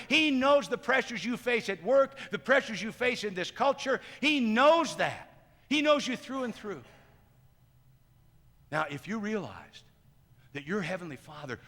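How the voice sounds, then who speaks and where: High bright-voiced preacher in a hall. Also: male voice. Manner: swings between loud emphatic lines and hushed quiet ones. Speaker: pastor. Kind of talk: sermon. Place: church sanctuary.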